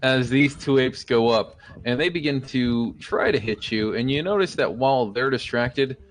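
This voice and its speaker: A man's voice: medium pitch, normal speed, a little hiss or hum. A man narrating as dungeon master in a loose, chuckling way, swearing casually now and then. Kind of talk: narrating a tabletop game.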